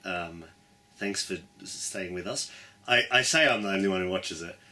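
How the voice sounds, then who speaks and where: A man's voice: low-pitched, normal speed, pushed and bright, a little hiss or hum. A young man co-hosting a casual chat, joking and laughing often. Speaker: co-host.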